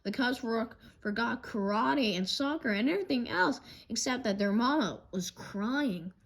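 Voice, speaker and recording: A woman reading a children's storybook aloud, animated and expressive, with a few small slips. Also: a little high, moderate pace, vocal fry, poor audio. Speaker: narrator.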